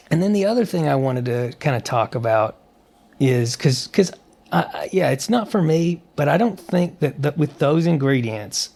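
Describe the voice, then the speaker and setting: A man co-hosting a podcast, chatting in an animated, opinionated way with frequent restarts. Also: mid-range voice, gravelly. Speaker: podcast co-host. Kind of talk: casual podcast chat.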